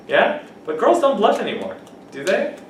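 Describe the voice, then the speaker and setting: Distant teacher explaining words in an echoey classroom. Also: male voice, high voice, wildly swooping pitch, unhurried, slight background noise. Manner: explains words with examples, asks students questions. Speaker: English teacher. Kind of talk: classroom vocabulary lesson. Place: classroom with students.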